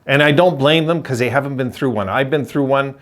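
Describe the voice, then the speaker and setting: A man's voice: mid-range voice, fairly quick. Older male host, opinionated and rambling vlog delivery. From Quebec. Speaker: hockey channel host.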